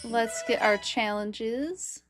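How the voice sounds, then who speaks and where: A woman with a high voice chats casually and nerdily while streaming a game, often laughing between her remarks. Faint music plays in the background. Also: extremely slow. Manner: chatty, nerdy, laughs often. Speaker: streamer and biologist. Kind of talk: casual game livestream chat.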